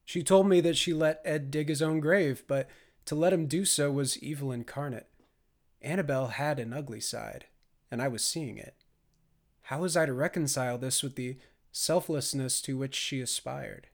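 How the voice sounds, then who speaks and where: Man with grave, measured narration. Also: mid-range voice. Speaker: audiobook narrator. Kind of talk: scripted narration.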